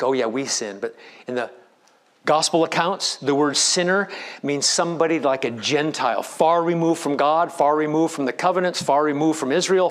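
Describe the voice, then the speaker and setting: A man preaching a sermon as a pastor, with emphatic delivery that rises and drops in volume. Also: fairly high pitch.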